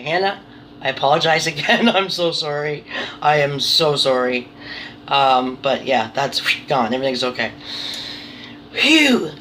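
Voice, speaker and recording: A woman's voice: sits low, fairly bright tone, slight background noise. A woman chatting casually to her viewers in a rambling, apologetic, self-deprecating way, swearing now and then. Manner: nervous, apologetic. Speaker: vlogger. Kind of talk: casual chat to camera.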